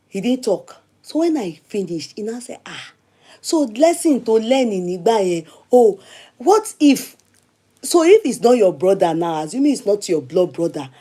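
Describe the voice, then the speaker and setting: A woman with a Nigerian accent, hosting a show and telling a long personal story in a casual, chatty, animated way, repeating herself for emphasis. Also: mid-range voice. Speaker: show host.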